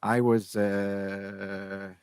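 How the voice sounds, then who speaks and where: A man's voice: lowish voice, level tone, a little mellow, clear, resonant tone, dry recording. A man in his fifties co-hosting a podcast, rambling through casual chat with lots of restarts and fillers. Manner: halting, many restarts and fillers. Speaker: podcast co-host.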